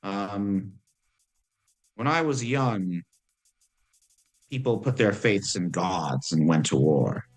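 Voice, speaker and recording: A man voicing Lilith, an ancient female demon who is calm and worldly, speaking in a measured, musing way. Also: low-pitched, full character voice.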